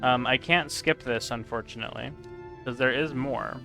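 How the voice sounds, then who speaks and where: A man's voice: medium pitch, moderate pace, creaky, sharp tone, faint music behind. A man chatting casually while live-streaming a game, answering chat and laughing often.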